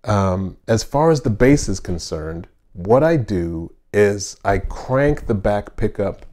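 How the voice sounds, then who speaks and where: A man hosting his own channel, giving a casual, friendly bass lesson with fillers and asides from a home studio. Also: lively intonation, takes it slowly, darkish tone. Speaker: bass teacher and channel host. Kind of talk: casual instructional talk.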